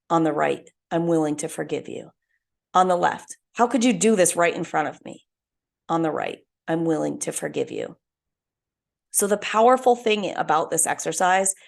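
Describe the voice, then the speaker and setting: A young woman talks alone as a podcast host, earnest and heartfelt as she tells a story. Her voice sits a little low and carries a gravelly edge throughout. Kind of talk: reflective solo talk.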